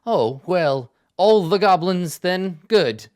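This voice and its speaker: A man voicing a grumpy, sarcastic male dwarf soldier in a tabletop game, speaking gruffly with weary sighs. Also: sits high, expressive, slow, darkish tone, pitched above the performer's own voice. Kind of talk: tabletop role-play voicing.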